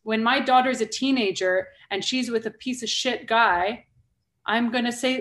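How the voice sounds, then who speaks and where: A woman's voice: on the high side, moderate pace, fairly bright tone. A woman in her thirties hosting a casual podcast conversation, talking emphatically and firing off rhetorical questions. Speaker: podcast host.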